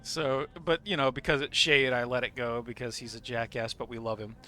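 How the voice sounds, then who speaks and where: A man's voice: medium pitch, steady tone, moderate pace, pushed and bright, soft background music. A man chatting casually on his live game stream, laughing often and swearing freely.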